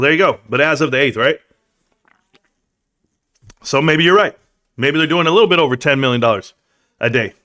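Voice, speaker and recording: A man hosting a casual livestream, talking loosely in slang and reading out chat comments. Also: a little high. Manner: loose, slangy, animated, reads chat aloud. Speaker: livestream host.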